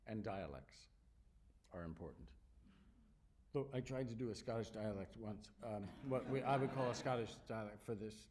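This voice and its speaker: A middle-aged man, an actor, answering audience questions on stage with animated, self-deprecating storytelling. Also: fairly low pitch, normal speed, background noise. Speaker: actor at festival Q&A. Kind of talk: onstage Q&A answers.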